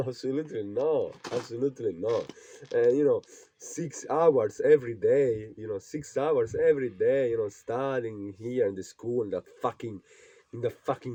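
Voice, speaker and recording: Speaking a little slowly in a medium-pitched, mellow voice, a young male vlogger rants at the camera from an old rural house. He's agitated, swears frequently and keeps repeating himself. The recording has no room sound.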